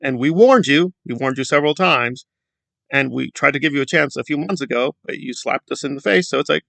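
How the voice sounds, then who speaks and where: A man's voice: mid-range voice, fairly quick, vocal fry, fairly bright tone, no echo. A man giving sarcastic, lecturing commentary on his YouTube channel. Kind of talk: opinion commentary vlog.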